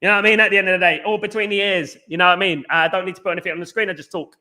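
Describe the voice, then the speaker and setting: A man hosting a live fan stream, talking very fast and answering viewer comments in casual chat. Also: high voice, little pitch movement, bright, forceful tone.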